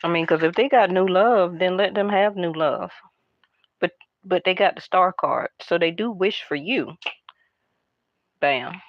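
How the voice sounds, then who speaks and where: A woman doing a casual tarot card reading, talking in a hushed, half-whispered, chatty way to her viewers. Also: on the low side, measured pace, long pauses, no echo, lo-fi sound. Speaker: tarot reader.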